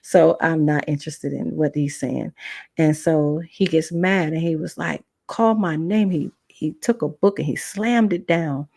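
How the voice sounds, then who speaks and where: A woman's voice: low voice, unhurried, vocal fry, dry recording. A woman podcast host telling a personal testimony in a casual, chatty way, acting out the dialogue as she goes. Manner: animated, acts out quoted dialogue; casual, chatty asides to viewers.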